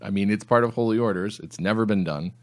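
A man's voice: on the low side, quick pace. A man hosting a solo commentary podcast, reading items aloud and answering them with sarcastic, mocking asides. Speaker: podcast host.

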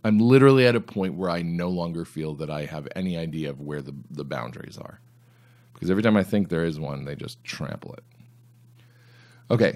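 A man's voice: low-pitched, darkish tone. A man hosting a solo commentary podcast, reading items aloud and answering them with sarcastic, mocking asides. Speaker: podcast host.

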